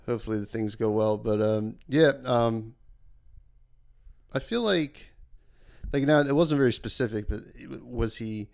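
A man's voice: medium pitch, moderate pace, vocal fry, darkish tone. A man co-hosting a podcast in casual chat, rambling with many fillers and hesitations. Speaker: podcast co-host.

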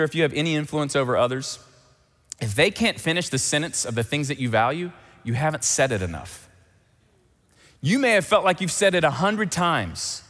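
A man preaching a sermon as pastor, animated and emphatic, repeating key phrases. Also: on the high side, long reverb tail.

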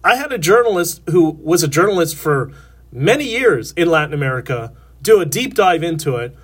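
A man's voice: on the high side, very animated, moderate pace, a bit bright, breathy edge. A man hosting a livestream interview, conversational, backing up his guest with short agreements. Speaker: host.

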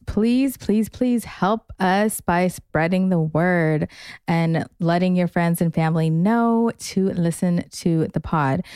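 A woman's voice: lowish voice, darkish tone, smooth, dry recording, clean studio sound. A woman with a Boston accent co-hosting a nutrition podcast, chatty and laughing often. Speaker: podcast co-host. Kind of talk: casual chat.

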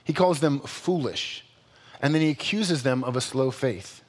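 A male pastor preaching a sermon in a conversational, animated way, with playful asides and quick self-corrections. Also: mid-range voice. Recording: long hall reverb.

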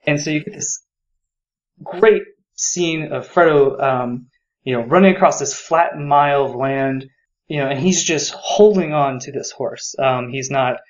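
A man's voice: medium pitch, a little slow, lo-fi sound. A man co-hosting a podcast, talking enthusiastically about a book and rambling with many fillers. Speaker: podcast co-host. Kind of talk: casual book discussion.

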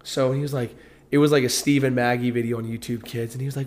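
A man's voice: medium pitch, fairly even intonation, quick pace, a little mellow. A young American man who is a parent, chatting casually with a loose, profane, emphatic storytelling style. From United States. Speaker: parent, co-host. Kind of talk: casual chat.

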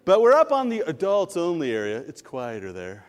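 A middle-aged man, a pastor, preaching a sermon with animated, jokey personal stories. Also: on the high side, moderate pace, long reverb tail. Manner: animated, jokey storytelling with laughs and asides.

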